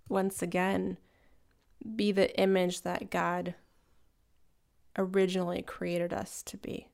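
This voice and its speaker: Even-toned woman with a gravelly edge. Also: mid-range voice. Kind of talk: faith-based conversation.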